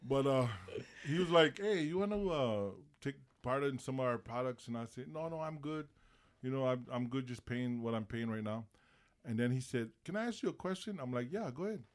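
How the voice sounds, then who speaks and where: Animated man telling stories in casual chat. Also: mid-range voice, moderate pace. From Pacific islands. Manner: animated storyteller acting out phone calls. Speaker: podcast host.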